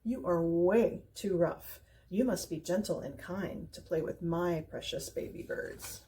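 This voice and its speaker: Woman doing a protective mama bird, firm and scolding, slightly lower, mellow. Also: measured pace, a little hiss or hum, lightly acted. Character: stern, protective mother bird.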